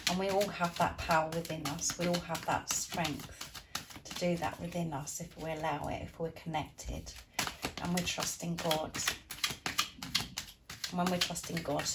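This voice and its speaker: A woman's voice: on the low side, heavy background noise. A woman giving a tarot reading to viewers, gushing and encouraging, often laughing and talking straight to them. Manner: addresses viewers directly as guys. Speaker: tarot reader.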